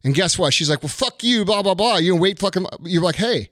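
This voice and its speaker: A man's voice: high-pitched, animated, a little fast, fairly bright tone, no room sound, studio quality. A man giving blunt dating advice in casual podcast chat, profane and emphatic.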